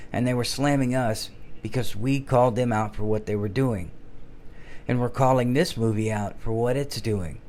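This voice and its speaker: Middle-aged guy ranting hard, heated and emphatic, normal pitch, bit of background hiss. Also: a little mellow. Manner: heated, emphatic, slows to stress words. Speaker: commentary channel host. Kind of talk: casual opinion rant.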